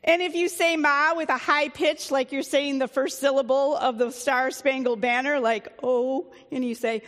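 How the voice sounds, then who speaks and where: A woman's voice: high-pitched, fairly even intonation, normal speed, a bit bright, long reverb tail. A woman pastor giving a sermon in a conversational, plain-spoken way, with the odd filler.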